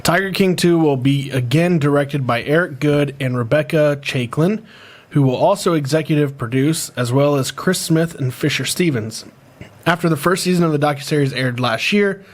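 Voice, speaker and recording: A man's voice: a little high, normal speed. A man hosting a casual podcast, reading out news items and stumbling over names. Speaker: podcast host.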